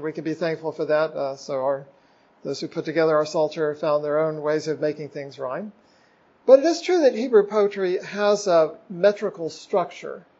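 A man's voice: on the high side, a little mellow, lo-fi sound. A man leading a Bible study class, talking conversationally with many fillers and self-corrections. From United States. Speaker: ruling elder teaching a Bible class. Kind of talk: informal Bible lesson.

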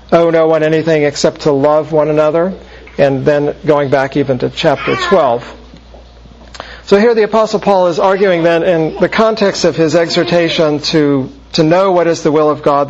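A man preaching in a measured, explanatory way, often pausing mid-phrase as he works through a Bible passage. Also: on the high side, slight background noise. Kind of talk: expository Bible teaching. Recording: muffled lo-fi recording.

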